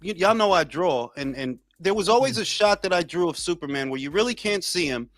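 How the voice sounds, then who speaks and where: Sex: man. Excitable host, high and lively. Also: a little fast, dry recording. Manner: excitable, profane, rambling. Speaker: podcast host. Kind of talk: casual boxing panel chat.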